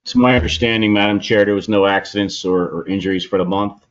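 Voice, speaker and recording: Low flat-voiced man at a meeting. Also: fast talker. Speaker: operations staff. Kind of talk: meeting report. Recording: dull lo-fi meeting audio.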